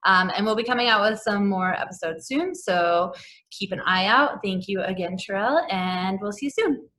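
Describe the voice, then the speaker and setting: A woman's voice: medium pitch, moderate pace, bright, forceful tone, a little hiss or hum. A woman hosting a casual interview, prompting her guest with easy questions and closing the show. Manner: laughs often, friendly prompting questions. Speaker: interview host.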